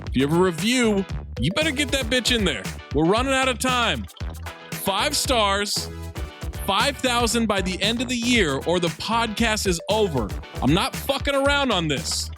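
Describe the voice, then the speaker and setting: Male podcast host, playful and quick, high bouncy voice. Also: expressive, music in the background. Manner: joking, quick, laughs often. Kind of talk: casual chat.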